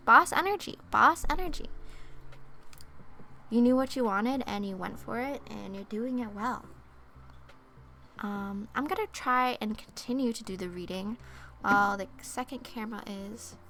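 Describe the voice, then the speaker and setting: A young woman streamer reading oracle cards in a soft-spoken ASMR style, chatty and thinking aloud. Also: medium pitch, measured pace, slight background noise.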